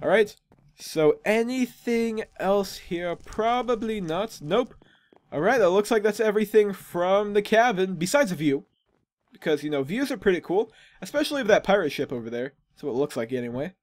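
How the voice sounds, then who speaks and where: A man's voice: high voice, very animated, brisk, no room sound. A man hosting a gaming channel, giving casual, rambling, self-amused commentary as he plays.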